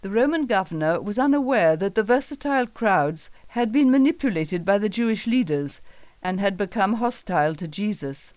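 A woman reading a Bible story aloud as scripted narration, calm and measured. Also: mid-range voice, dry recording.

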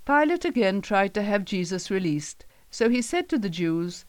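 Calm woman narrating a Bible story. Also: mid-range voice, normal speed, hardly any pauses, no room sound.

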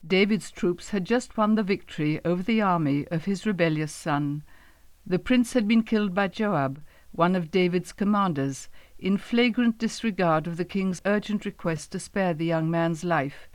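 A woman reading a Bible story as a scripted narration in a measured storytelling manner. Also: lowish voice, no echo. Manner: measured storytelling, quotes read in her own voice.

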